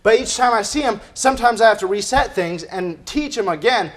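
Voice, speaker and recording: A man's voice: sits high, expressive, a little fast. A man preaching a sermon as pastor, emphatic and firing off rhetorical questions. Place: church.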